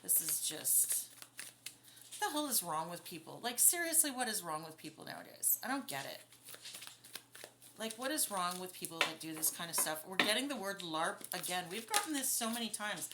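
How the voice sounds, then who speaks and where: A woman doing a casual spiritual card reading to camera at home at night, blunt and quick to get indignant, swearing freely. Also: on the low side, big pitch swings, heavy background noise. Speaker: tarot and spirit box reader.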